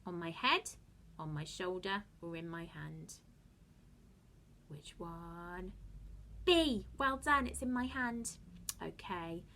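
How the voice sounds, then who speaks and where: A woman teaching a phonics lesson to young children, encouraging them with slow, sing-song explanations and soft asides. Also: medium pitch, a little hiss or hum. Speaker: early-years teacher.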